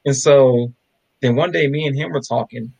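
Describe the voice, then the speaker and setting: A man's voice: medium pitch, normal speed, vocal fry, breathy edge, low-quality recording. A man co-hosting a podcast, telling stories in a casual chat and acting out the voices of the people he quotes. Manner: animated, acts out quoted voices. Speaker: podcast co-host.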